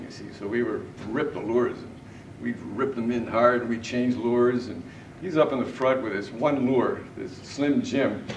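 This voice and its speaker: A middle-aged man telling fishing anecdotes in a tribute speech at a party, chuckling often as he goes. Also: mid-range voice. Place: large indoor party room. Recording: echoey, distant, noisy party room.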